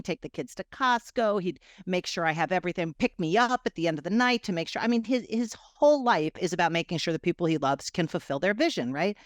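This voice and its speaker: Middle-aged woman guest, storyteller, animated, plays every voice in her story, dry close sound. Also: no echo. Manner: animated, acts out quoted dialogue with big swings in pitch and loudness. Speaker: guest coach. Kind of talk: personal storytelling in a podcast interview.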